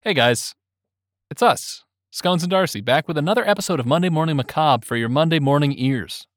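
A man's voice: a little high, animated, a little fast, no echo, clean studio sound. A young man co-hosting a podcast, joking and rambling in casual chat with lots of fillers. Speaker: podcast co-host.

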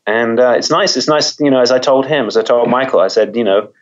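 A man's voice: medium pitch, brisk, highs cut off. A man, a mystery author, talking in a conversational interview, thoughtful, often repeating words as he thinks.

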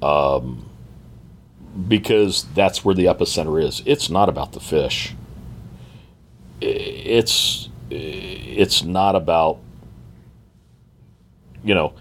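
Deep-voiced man telling a heartfelt story. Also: expressive, a little hiss or hum. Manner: halting and heartfelt, many fillers and restarts. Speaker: guest. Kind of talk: reflective storytelling. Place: seated at a table indoors.

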